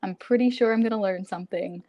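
A woman's voice: medium pitch, quick pace, mellow, dry recording, muffled recording. Young woman guest, laughing and upbeat. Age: 20s. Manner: upbeat, laughs often, says like a lot. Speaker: guest, graduate student. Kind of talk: casual interview chat.

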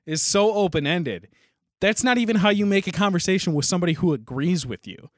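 A man's voice: high-pitched, animated, fairly quick, no room sound, studio quality. A man co-hosting a casual podcast chat, telling rambling stories with crude humor and constant restarts. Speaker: podcast co-host.

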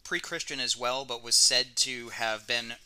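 A man's voice: medium pitch, measured pace, pushed and bright, clean tone. A man co-hosting a podcast in casual chat, laughing easily and hesitating over unfamiliar names. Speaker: podcast co-host.

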